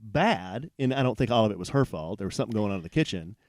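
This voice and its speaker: A man's voice: fairly low pitch, quick pace, no echo, studio quality. Man telling a rambling story. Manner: animated, rambling storyteller with restarts. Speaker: podcast co-host. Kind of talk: casual storytelling chat. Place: hotel room, on a bed.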